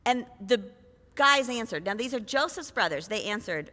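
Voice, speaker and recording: A woman's voice: on the high side, very animated, moderate pace, bright, forceful tone, in a large hall. A woman preacher retelling a scripture story in a conversational sermon, full of rhetorical questions. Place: church.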